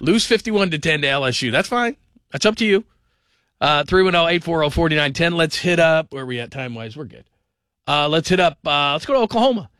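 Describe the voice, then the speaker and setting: A man hosting a call-in sports radio show, talking fast and animated, often mimicking the people he talks about. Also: a little high, no room sound. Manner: animated, does mocking voices of others.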